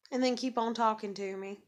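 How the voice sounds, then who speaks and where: A woman's voice: a little high, a bit bright. Swearing, bitter woman ranting to camera. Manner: heavy swearing, bitter and blunt; repeats and restarts words when agitated. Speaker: vlogger. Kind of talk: angry ranting monologue to camera.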